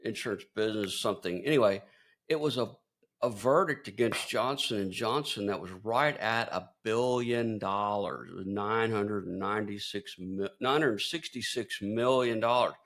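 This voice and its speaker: A man's voice: lowish voice, moderate pace, a bit bright. A man co-hosting a podcast, talking in a casual, easygoing way, with hesitations while he thinks aloud. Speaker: podcast co-host. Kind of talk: casual conversation.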